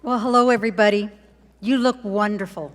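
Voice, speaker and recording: A woman superintendent giving a graduation speech, warm and encouraging, with deliberate pauses. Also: mid-range voice, fairly even intonation. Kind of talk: ceremonial speech. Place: large hall at a graduation ceremony. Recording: long hall reverb.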